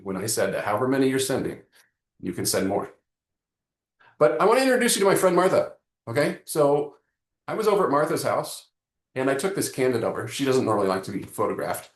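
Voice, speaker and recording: A man hosting a live online marketing lesson, joking and talking straight to his audience in an animated way. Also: mid-range voice, echoey room. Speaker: webinar host.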